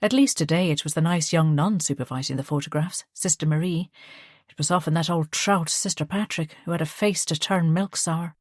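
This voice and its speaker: Female audiobook narrator, lowish voice, measured delivery, dry close sound. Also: a little mellow, dry recording. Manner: measured storytelling. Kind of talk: scripted narration.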